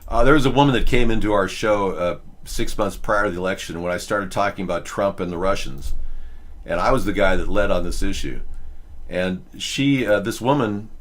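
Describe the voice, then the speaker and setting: A man's voice: low-pitched, normal speed. A man hosting a live video chat show, rambling casually with many fillers and restarts. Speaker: host.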